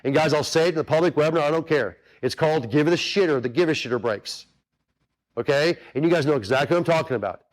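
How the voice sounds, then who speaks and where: A man with a fairly high speaking voice coaches golfers in a relaxed, talky way. He repeats his main points and keeps turning to his listeners to ask whether they follow. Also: quick pace. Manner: earnest, repetitive, talks straight to the audience with many asides. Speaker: golf instructor hosting a webinar. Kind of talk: casual coaching talk.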